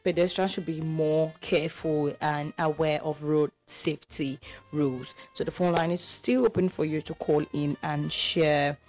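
A woman co-hosting a radio call-in show, chatting in a lively, animated way. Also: sits low, faint music behind. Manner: lively, animated, quick to laugh. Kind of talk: casual radio chat.

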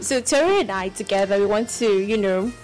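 A woman's voice: medium pitch, expressive, a little fast, a little mellow, soft background music, low-quality recording. A young woman co-hosting a radio show in casual on-air chat, upbeat and chiming in with laughs. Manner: upbeat, laughs along and chimes in. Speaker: radio co-host.

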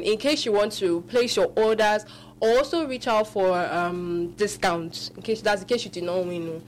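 A woman hosting a live radio call-in show, animated, often laughing and restarting her sentences. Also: medium pitch, measured pace, a little hiss or hum.

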